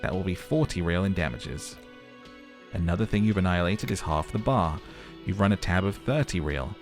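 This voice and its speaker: A touchy, sarcastic cafeteria manager in a video game, mocking and exasperated, as a man puts him on. The voice sits very low, with faint music underneath. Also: lively intonation, moderate pace.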